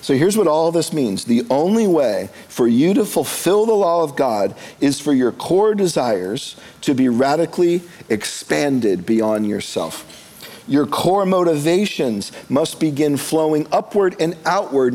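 A man's voice: fairly high pitch, warm tone. A man, preaching a sermon to a congregation in a church, in a conversational style with humorous asides. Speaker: pastor.

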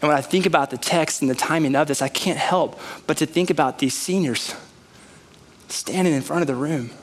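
A man's voice: fairly high pitch, a little fast. A man in his thirties, a pastor preaching a conversational sermon in a church. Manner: animated, conversational preaching with rising emphasis. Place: church sanctuary.

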